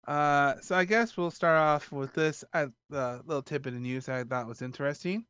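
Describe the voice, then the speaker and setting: A man's voice: fairly high pitch, normal speed, a bit bright, smooth, no room sound. A man hosting a casual podcast, rambling with lots of fillers. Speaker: podcast host.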